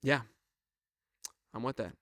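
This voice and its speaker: A man's voice: takes it slowly, a bit bright, dry recording, studio quality. A young man in his twenties hosting a comedic podcast solo, rambling and joking in a self-mocking way with lots of asides. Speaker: podcast host.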